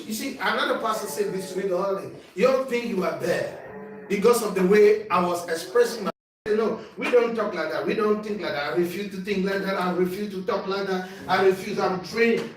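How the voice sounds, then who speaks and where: A man preaching a sermon as bishop, calling for responses from the congregation and rising to shouts. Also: high voice. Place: church hall. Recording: echoey church sound from far off.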